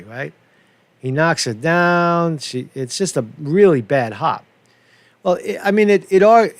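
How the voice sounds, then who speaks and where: A man's voice: mid-range voice, no echo. A man hosting a casual commentary show, swearing a lot, repeating himself and checking in with "right?". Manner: profane, repetitive, asks "right?" often.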